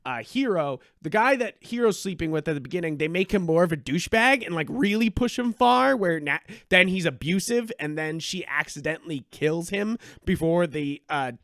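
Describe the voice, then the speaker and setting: A man co-hosting a podcast in casual chat, animated and profane, rambling with lots of restarts. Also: on the high side, normal speed, hardly any pauses, dry recording, clean studio sound. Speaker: podcast co-host.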